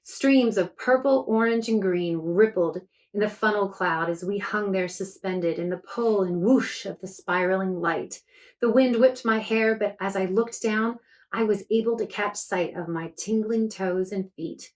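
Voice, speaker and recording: A woman's voice: mid-range voice, measured pace. A woman author reading her book aloud to children, chatty and enthusiastic between passages.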